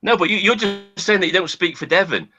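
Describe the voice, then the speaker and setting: A man's voice: sits high, lively intonation, fairly quick, pushed and bright, lo-fi sound. A man angrily arguing on a video call, swearing and talking over the other person. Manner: angry, swearing, interrupting. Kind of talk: heated online argument.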